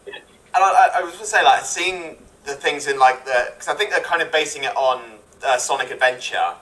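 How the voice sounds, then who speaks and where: A man chatting excitedly on a casual online panel, tripping over his words as he starts sentences. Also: medium pitch, fairly quick, distant mic, poor audio. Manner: excitable, stammering restarts.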